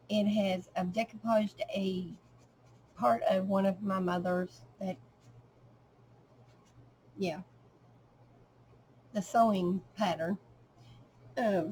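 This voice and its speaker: A middle-aged woman talks through her handmade journal page by page in a casual, unhurried way, often pausing with an um or letting her sentences trail off. Her voice sits at an ordinary mid pitch. A faint ambient hiss is audible behind her. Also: warm tone, poor audio. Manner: unhurried, with frequent ums and trailing pauses. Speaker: crafter showing a handmade journal. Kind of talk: casual show-and-tell narration.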